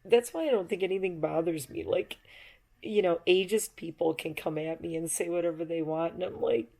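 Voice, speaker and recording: A woman's voice: lowish voice, normal speed, creaky, dark tone. A middle-aged woman vlogger talking in a chatty, reflective ramble and laughing easily. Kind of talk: casual rambling monologue.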